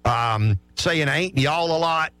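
Chatty Southern radio co-host, slightly high voice, dry studio. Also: male voice, unhurried, no room sound. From South Carolina. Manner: animated, chatty, acts out voices in his stories. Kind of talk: casual radio storytelling.

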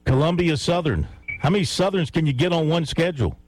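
Speaking fairly quickly in a rather high voice, a man hosting sports radio ribs his caller and chuckles at his own playful predictions. The low-quality audio has a slight hiss or hum.

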